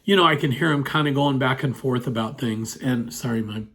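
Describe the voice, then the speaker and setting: A man's voice: mid-range voice, a little fast, a bit bright, slightly rough. A man telling a personal story in a casual, rambling way, full of "you know" fillers, sitting at his computer indoors.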